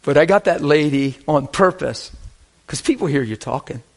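A man preaching a sermon, telling stories in an animated way that swings from hushed to loud. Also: a little high, moderate pace, creaky. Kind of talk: sermon storytelling.

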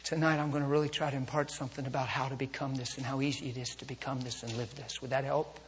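A male preacher telling a story in a sermon to a congregation, moving between intimate hushes and fervent calls. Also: mid-range voice, level tone, quick pace, husky. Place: church service with a congregation. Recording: long hall reverb.

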